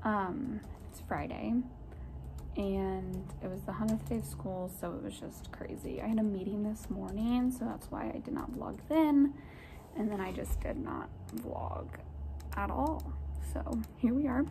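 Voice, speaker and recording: A young adult woman who teaches kindergarten chats conversationally with her vlog audience in a creaky, medium-pitched voice at a measured pace. The background is noisy.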